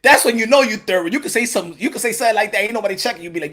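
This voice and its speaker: A man with a New York accent hosting solo boxing commentary in an animated, profane, laughing casual style. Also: high-pitched, very fast.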